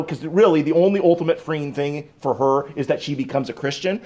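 A man preaching with a slightly high-pitched voice. He pushes up into loud, emphatic bursts on his key points, then sinks into a quiet, hushed tone while he reflects. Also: a little fast, hardly any pauses. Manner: drops to a low hushed tone for reflection. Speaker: pastor. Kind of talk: sermon.

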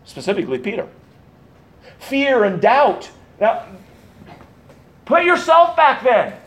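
Emphatic high-voiced male pastor. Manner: emphatic, repeats key words, swings between loud and soft. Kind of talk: sermon.

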